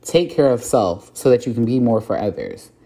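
A woman's voice: a bass voice, lively intonation, moderate pace, dark tone, slightly rough. A woman hosting a solo podcast, talking frankly and reflectively with casual swearing and plenty of fillers. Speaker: podcast host. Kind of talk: candid solo podcast monologue.

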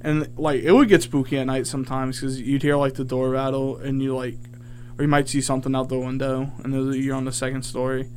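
A man's voice: mid-range voice, a little fast, slight background noise. A young man hosting a college radio show, telling a rambling story with lots of fillers. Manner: animated, rambling with many fillers. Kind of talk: casual storytelling chat.

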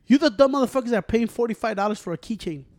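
Fast-talking high-voiced man ranting. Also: lively intonation, darkish tone, no room sound, studio quality. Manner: rapid Spanglish code-switching, profane, heated ranting. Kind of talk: casual chat.

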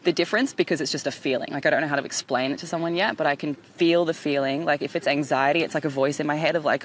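A woman hosting a podcast outdoors by the water, telling an animated story, swearing and acting out voices. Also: sits low, fast, hardly any pauses, a little hiss or hum. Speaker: podcast host. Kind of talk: casual storytelling chat.

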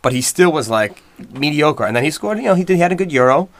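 A man co-hosting a casual soccer podcast, blunt and quick to cut in with rebuttals. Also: a little high, expressive, fairly bright tone. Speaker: podcast co-host.

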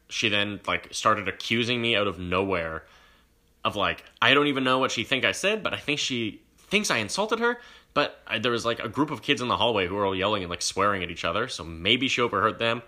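Lively young man telling a story. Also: lowish voice, fairly quick. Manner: animated storyteller who acts out quoted voices. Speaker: podcast host. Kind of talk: casual chat.

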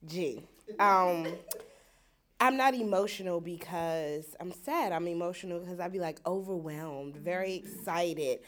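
A woman's voice: on the low side, unhurried. A woman speaking in a casual group discussion, describing herself as bubbly and eager.

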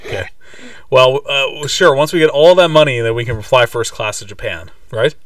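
A man's voice: medium pitch, moderate pace, fairly bright tone, dry recording, distant mic. A man co-hosting a casual podcast, chatty and playful as he retells a movie scene by scene. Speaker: podcast co-host. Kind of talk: casual movie recap chat.

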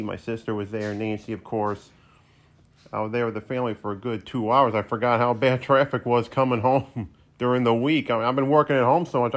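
Wry male podcast host. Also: mid-range voice. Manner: wry, self-deprecating humor. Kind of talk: casual solo podcast monologue.

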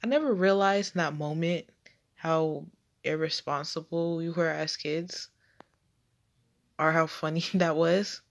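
A young woman telling a personal childhood story, halting with repeats and restarts. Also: low voice.

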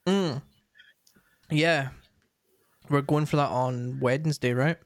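A young man talks casually, wandering through his stories with constant fillers and false starts. His voice sits at an ordinary middle pitch and is recorded dry and close. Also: slow pace, no room sound. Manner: rambling, frequent fillers and restarts. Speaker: streamer and co-host. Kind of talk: casual chat.

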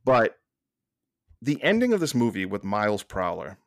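A man with a Boston accent, a podcast guest talking with passion and many quick restarts. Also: lowish voice, wildly swooping pitch, dry recording, studio quality. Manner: passionate, fast restarts and repeated words. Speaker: podcast guest, staff writer. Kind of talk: casual podcast chat.

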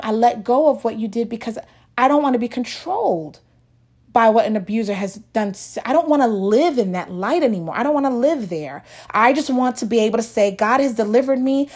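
A woman with a slightly high voice tells a personal faith testimony to her viewers. She talks in an earnest, emotional way, restarting her sentences and sounding close to tears. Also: darkish tone.

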